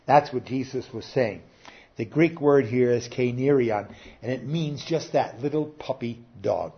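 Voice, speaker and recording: A man preaching a sermon in an earnest manner, rising to emphatic peaks and dropping low. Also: unhurried. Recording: dull lo-fi recording.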